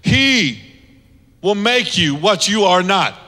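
Bright, high-voiced preaching man. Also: sing-song, slow pace. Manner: emphatic, repetitive preaching with rising exhortations. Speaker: pastor. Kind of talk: sermon. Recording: long reverb of a large hall.

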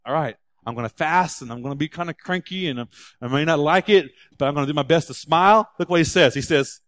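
Animated, fairly high-voiced male pastor preaching. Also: fast talker, dry recording, studio quality. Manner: animated, rising to loud emphatic preaching. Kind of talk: sermon.

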